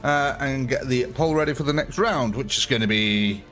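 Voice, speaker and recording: A man's voice: medium pitch, moderate pace, fairly bright tone, faint music behind. A young man chatting through a live gameplay stream, thanking viewers and talking through his choices.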